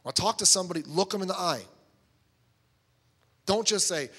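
Middle-aged male pastor, sermon, forceful and a little high, lots of storytelling. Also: brisk, slightly rough, in a large hall. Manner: animated storytelling, acting out both sides of conversations.

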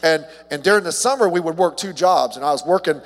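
A man preaching a casual evening sermon as a pastor, chatty and humorous, with his voice jumping higher when he gets excited about a story. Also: fast talker. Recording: long hall reverb.

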